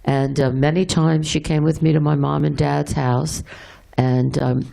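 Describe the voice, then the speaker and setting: A middle-aged woman giving a heartfelt memorial speech for a friend, halting and tender, with many pauses and restarts. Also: sits low, level tone, vocal fry, mellow.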